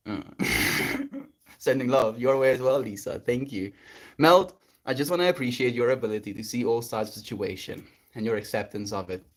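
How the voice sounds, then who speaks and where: A man in a middle register hosts a casual spiritual livestream, reading his chat aloud. He rambles gently and affectionately, with soft laughs between thoughts. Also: medium pitch, normal speed.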